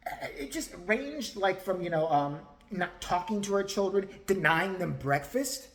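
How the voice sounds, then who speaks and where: A man's voice: sits high, animated, a little slow, a bit bright. Guy ranting into his vlog, crude and mocking, voice jumps all over. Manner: crude, mocking, laughs often. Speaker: vlogger. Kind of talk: profane rant commentary.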